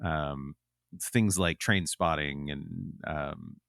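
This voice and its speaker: A man's voice: a bass voice, drawn-out words, vocal fry, fairly bright tone, no room sound, clean studio sound. A man chatting as a podcast guest, rambling with lots of ums and restarts. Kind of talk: casual chat.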